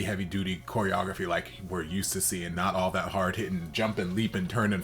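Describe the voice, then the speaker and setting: Campy, expressive man with a lowish voice. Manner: expressive, campy, jumps into high exaggerated exclamations. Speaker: reaction video host. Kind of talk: casual reaction commentary.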